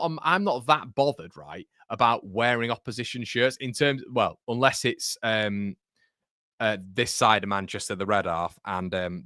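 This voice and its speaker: A man hosting a live football watchalong, chatting casually with viewers and calling them mate, with loud bursts of excitement when goals go in. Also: medium pitch, no echo, clean studio sound. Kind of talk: live match reaction chat with viewers. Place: home room.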